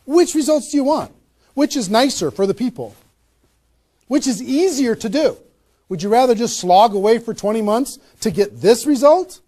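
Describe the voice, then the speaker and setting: A man with a high-pitched voice leads a motivational sales seminar. He talks with punchy emphasis and fires off rhetorical questions to a small live audience. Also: lively intonation, moderate pace, mellow. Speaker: network marketing trainer.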